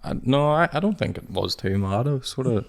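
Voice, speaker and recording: A man's voice: medium pitch, expressive, brisk, gravelly. A young man, co-hosting a podcast and telling stories from his childhood in sweary, casual chat full of "like". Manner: sweary, storytelling, peppered with "like". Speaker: podcast co-host.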